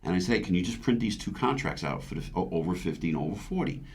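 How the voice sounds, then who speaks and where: A man's voice: deep voice, expressive, fast talker. A man in his fifties, a veteran bodybuilder, telling his story earnestly in an interview, with frequent restarts and stammers. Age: 50s. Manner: retells his own past words aloud.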